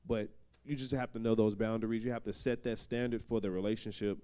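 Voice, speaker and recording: A man's voice: fairly low pitch, steady tone, fast, dark tone, smooth. A young man talking candidly and loosely in a panel discussion, laughing now and then.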